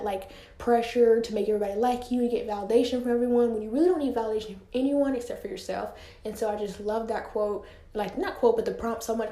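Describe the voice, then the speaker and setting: A teenage girl runs her own podcast from a room at home, talking casually alone and leaning on filler words. She's slightly winded, and her fairly high, warm voice sounds roomy.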